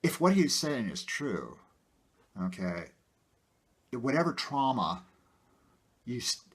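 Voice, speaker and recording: A man talking casually to his viewers about his own life, rambling with many fillers and getting animated. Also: mid-range voice, slow, slightly rough. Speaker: video host. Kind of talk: casual personal talk to camera.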